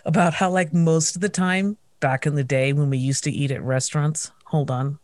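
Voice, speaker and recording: A woman with a low voice conducts a relaxed interview, asking questions in a casual, playful tone. She likes to tease and slips into funny anecdotes. The sound is dry and close, with no room echo. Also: moderate pace. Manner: playful, teasing storyteller.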